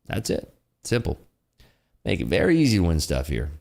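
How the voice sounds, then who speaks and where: A man's voice: low-pitched, huge pitch swings, normal speed, creaky, darkish tone. A young man hosting a casual trading livestream, reading chat aloud and joking around with a laugh. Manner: jokey, reads chat aloud, laughs often. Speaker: livestream host.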